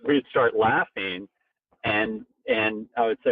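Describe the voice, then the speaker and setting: A man being interviewed as a company co-founder, telling a personal story animatedly and jumping up in pitch for emphasis. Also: slow, no room sound, soft background music. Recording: tinny phone-like sound, very dry.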